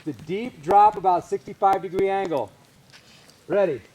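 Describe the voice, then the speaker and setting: Guy coaching infield drills outside, bit high voice, punchy commands, faint noise around. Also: moderate pace. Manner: energetic and commanding, barks short cues. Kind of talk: on-field coaching, calling drill cues. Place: outdoor baseball field.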